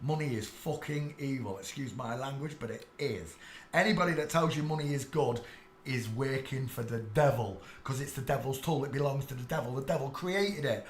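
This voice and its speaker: An English man ranting on a live stream, preachy and irate, swearing and bursting into shouts at his chat. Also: mid-range voice, moderate pace, reverberant, slight background noise.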